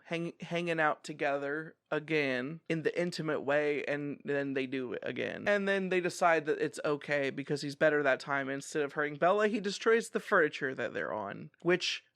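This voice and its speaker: A man with a bright, high-pitched voice gives a casual, rambling book recap full of animated asides. He is recorded close to the mic with a dry sound and no room echo around him. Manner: chatty and animated, bursting into laughter. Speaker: book reviewer.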